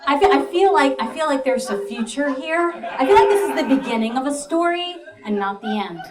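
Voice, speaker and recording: A woman telling a comic story in a solo show, with a high voice that swoops all over. She laughs her way through the lines and cuts in with dry, deadpan remarks. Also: brisk, a crowd in the background. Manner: animated, laughing, with dry asides. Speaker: comedian and storyteller.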